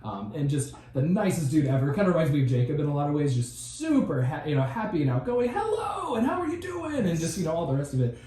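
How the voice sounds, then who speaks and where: Male co-host in his thirties, animated storyteller with a lively pitch, recorded in a very echoey room. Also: fast, hardly any pauses. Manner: animated storyteller, laughs often. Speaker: podcast co-host. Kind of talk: casual podcast chat.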